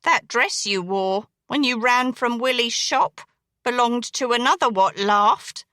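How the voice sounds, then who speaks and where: A woman voicing a menacing crippled male dressmaker who killed women, speaking slowly in a coarse dialect. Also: on the high side, bright, forceful tone, dry recording, clean studio sound. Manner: slow, brooding, coarse dialect.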